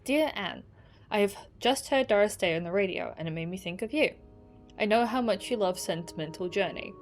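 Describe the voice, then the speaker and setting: A woman's voice: medium pitch, animated, fairly quick, faint music behind, natural voice. A woman reading aloud the love letters of a young woman from the 1940s, in a tender, then resigned, manner. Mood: longing.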